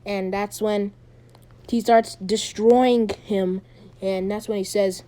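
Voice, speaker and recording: A woman casually retelling a fan-made story, rambling and halting with many ums and restarts. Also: medium pitch, steady tone, mellow.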